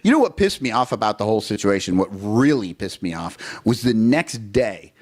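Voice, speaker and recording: A man's voice: on the low side, big pitch swings, fairly quick. A man co-hosting a casual baseball podcast, ranting heatedly and swearing often. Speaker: podcast co-host. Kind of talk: casual sports chat.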